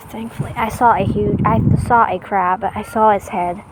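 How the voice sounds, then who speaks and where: A woman vlogging casually outdoors on a cold beach, gushing with excited exclamations as she explores. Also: medium pitch. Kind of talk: casual vlog commentary. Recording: loud wind noise outdoors.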